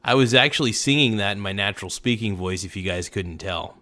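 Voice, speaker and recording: Loose, rambling livestream host. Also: male voice, fairly low pitch, fairly quick, pushed and bright. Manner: rambling, chuckling, loose and jokey. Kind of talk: casual livestream chat.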